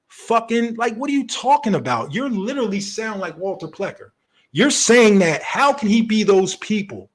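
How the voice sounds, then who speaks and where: Male commentator, heated and profane, high husky voice, very lively delivery. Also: moderate pace. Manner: profane, rhetorical questions, animated.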